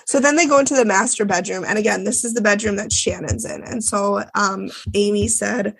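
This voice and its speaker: Gravelly-voiced woman podcast co-host. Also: medium pitch, fairly even intonation, brisk. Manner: chatty, swears freely, lots of fillers. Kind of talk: casual chat recapping a TV episode.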